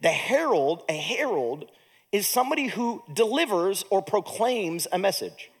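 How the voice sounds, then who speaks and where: A man's voice: sits high, big pitch swings, measured pace, slightly rough. A man pastor giving a sermon in a conversational way, with humorous, self-deprecating asides and a tired edge.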